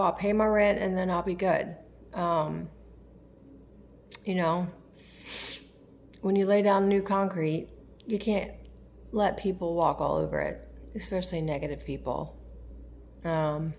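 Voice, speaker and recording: A woman's voice: fairly low pitch, a little mellow, slight background noise. A young woman talking candidly in a personal vlog, rambling and confessional with lots of fillers. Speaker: tarot vlogger.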